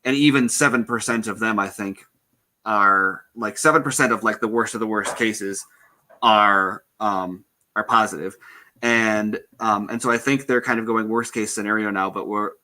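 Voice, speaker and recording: A man's voice: lowish voice, fairly even intonation, moderate pace, sharp tone. A man in a casual stream chat, talking things through thoughtfully with lots of ums and hedges.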